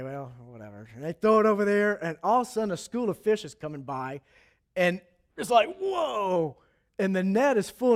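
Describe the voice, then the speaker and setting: A male preacher retells a scripture story as a casual, lively sermon. His voice sits high for a man, and he keeps his chatty asides animated.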